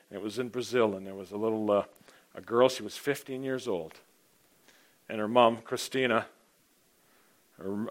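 A man rambles through an informal sermon, clearing his throat again and again. He swings from emphatic volume to soft asides, speaking at a fairly low pitch.

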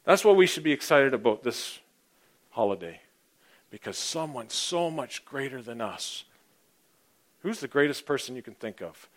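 A man preaching an informal, rambling sermon, often clearing his throat and swinging between loud emphasis and near-quiet asides. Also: mid-range voice, very animated, moderate pace.

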